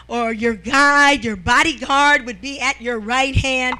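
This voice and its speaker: A woman's voice: high voice, normal speed, few pauses, sharp tone. A middle-aged woman preaching a sermon, with calls of amen and hallelujah and frequent "all right?" to the congregation.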